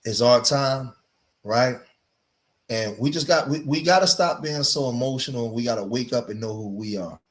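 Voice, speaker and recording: A man hosts a livestream as a streamer and commentator, delivering emphatic, preachy commentary, repeating himself and often saying "man." His voice is mid-range, and he speaks at a moderate pace.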